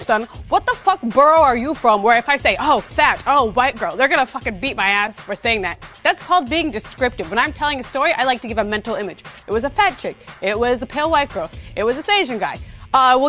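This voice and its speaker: Brief: woman reality-show cast member, confessional interview, high-ish voice, brash and profane, faint music underneath. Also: a bit bright.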